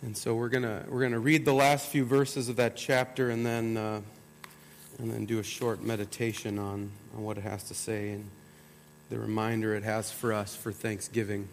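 A man's voice: fairly low pitch, level tone, moderate pace, a little hiss or hum. Midwest guy preaching, chatty, keeps restarting words, big reverby room. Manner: conversational, repeats words as he restarts. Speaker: pastor. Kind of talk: sermon meditation with scripture reading. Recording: long hall reverb.

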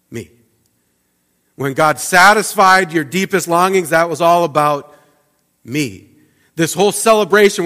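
Man, pastor, sermon, conversational, restarts, soft asides and loud emphasis, somewhat high voice, long church reverb. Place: church sanctuary.

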